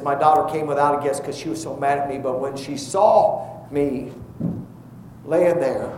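A man's voice: on the high side, echoey room, slight background noise, low-quality recording. A man preaching a sermon, telling a personal story in a folksy, conversational way and building to fervent appeals.

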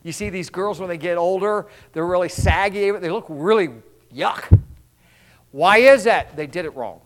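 A man's voice: high voice, normal speed, a bit bright. A male pastor preaching a rambling, folksy sermon with call-and-response asides to his congregation.

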